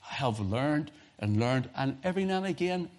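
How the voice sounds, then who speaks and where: Middle-aged Northern Irish man, pastor, lively and humorous sermon storyteller. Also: mid-range voice, normal speed. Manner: animated storytelling with humorous asides and chuckles.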